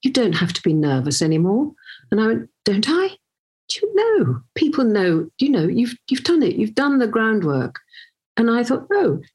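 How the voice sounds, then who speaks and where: Lively sixties woman telling stories. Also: fairly high pitch, moderate pace, husky. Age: 60s. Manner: lively storyteller, acts out quoted voices, many restarts. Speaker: actress, guest. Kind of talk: casual conversation, anecdotes.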